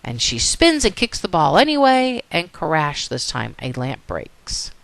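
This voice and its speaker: Animated woman teacher lecturing. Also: low voice, unhurried, gravelly, no echo. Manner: storytelling, animated, asks rhetorical questions. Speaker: psychology teacher.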